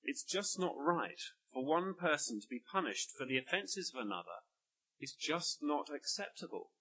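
Husky, lively male preacher. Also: fairly high pitch, moderate pace, low-quality recording. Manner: earnest, emphatic, explaining. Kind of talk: sermon.

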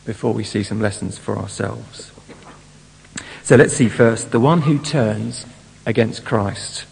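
Gravelly preacher in a reverberant hall. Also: male voice, medium pitch, a little mellow. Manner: expository, asks the congregation rhetorical questions; acts out mocking voices in quotes. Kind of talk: sermon.

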